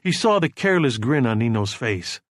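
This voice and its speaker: A man narrating a novel as an audiobook in a steady, measured storytelling voice. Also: medium pitch, no echo, studio quality. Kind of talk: scripted narration.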